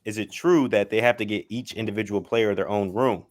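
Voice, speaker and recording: Low-voiced rambling caller. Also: male voice, fairly even intonation, brisk, no room sound, studio quality. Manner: rambling, stumbling, eager. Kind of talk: phone-in chat.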